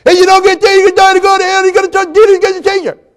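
A man voicing an excited young male sailor who preaches with a heavy speech impediment, his words garbled and repeated urgently. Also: extremely high pitch, racing, pitched above the performer's own voice. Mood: frantic preaching. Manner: garbled, repetitive, urgent shouting.

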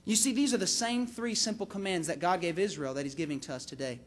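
Male preacher, very high voice, impassioned, repeats phrases for emphasis. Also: quick pace. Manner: impassioned, rises to emphatic peaks then drops low on key words. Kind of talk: sermon.

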